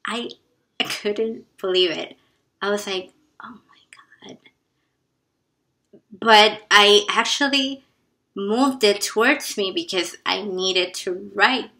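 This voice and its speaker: A woman tells a personal story slowly and earnestly, with a bright, forceful voice. She drops into hushed asides at times. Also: medium pitch. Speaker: vlogger.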